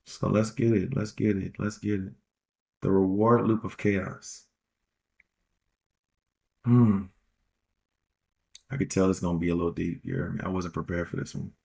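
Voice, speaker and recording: Podcast host, male, low voice with gravel, rambling slangy advice, repeats himself. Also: steady tone, a little slow, pauses often, darkish tone. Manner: rambling, repeats phrases for emphasis; slangy, street-casual phrasing. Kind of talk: casual relationship-advice monologue.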